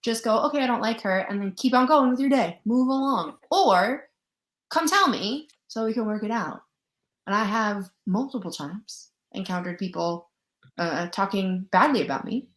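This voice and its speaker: A woman guest on a casual podcast, telling animated stories and mimicking other people's voices. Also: medium pitch, normal speed, echoey room.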